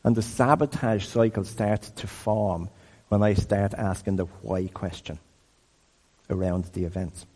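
A man's voice: lowish voice, fairly even intonation, unhurried, a little mellow. A man in his fifties giving a conversational sermon-style teaching talk, often asking the audience questions. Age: 50s. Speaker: speaker. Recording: long hall reverb.

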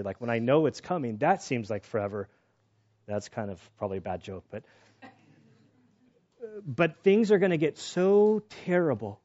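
Pastor guy talking through a sermon, chatty, tells stories, kinda muffled audio. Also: medium pitch. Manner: conversational, personal stories, animated when excited.

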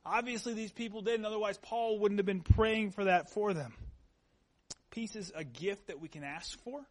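A pastor with a high, light male voice delivers a sermon to his congregation. He speaks conversationally and weaves in personal stories. He uses earnest repetition to drive his points home. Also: normal speed.

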